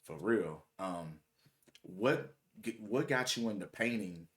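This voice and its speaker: Male interview host, somewhat low voice, casual and slangy. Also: expressive, slow pace. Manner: laid-back, slangy, short affirmations.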